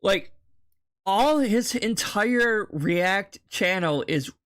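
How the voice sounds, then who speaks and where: A man's voice: high-pitched, expressive, drawn-out words, fairly bright tone. A man doing casual reaction commentary, mocking and heckling another streamer with lots of swearing.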